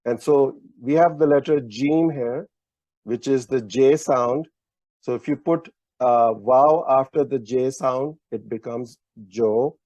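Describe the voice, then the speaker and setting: A man's voice: medium pitch, warm tone, dry recording. A man teaching a language lesson, explaining patiently with many fillers and restarts. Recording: dull lo-fi online lesson audio.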